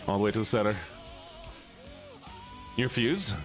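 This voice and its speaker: Male streamer, animated sing-song delivery, playful and teasing in casual chat. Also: on the low side, measured pace, soft background music. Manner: playful, teasing, chatting with viewers. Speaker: live streamer. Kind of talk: casual live-stream chat while playing a game.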